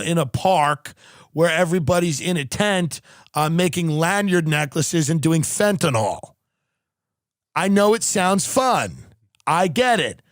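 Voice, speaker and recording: A man on a podcast delivering a sardonic comic rant, pausing with fillers. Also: sits high, dry recording, studio quality. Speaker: comedian on a podcast.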